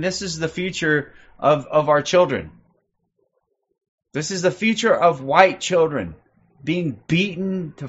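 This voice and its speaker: A man's voice: medium pitch, a bit bright, muffled recording. A man in his forties hosting a livestream. He rants in a profane, aggressive way and ends nearly every sentence with "okay?". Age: 40s. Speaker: livestream host. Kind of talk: ranting livestream commentary.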